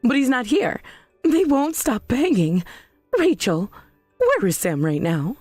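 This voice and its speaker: A woman's voice: fairly high pitch, sing-song, slow pace, a little mellow, no echo, soft background music, full character voice. A woman playing an indignant, self-righteous mother. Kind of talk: scripted drama voice-over.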